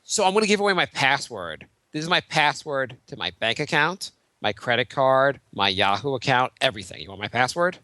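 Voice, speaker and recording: Brief: man, podcast host, animated and ranting, bright voice, fairly high pitch. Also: fairly quick, hardly any pauses, dry recording. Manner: ranting, acts out phone calls, swears freely. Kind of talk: casual comedy podcast chat.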